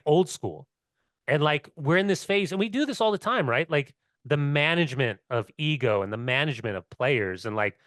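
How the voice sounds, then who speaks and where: A man's voice: medium pitch, a bit bright, no room sound, clean studio sound. Rambling middle-aged man talking soccer. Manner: rambling, storytelling, heavy on "like" and swearing. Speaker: soccer podcast co-host and former player. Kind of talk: casual sports chat.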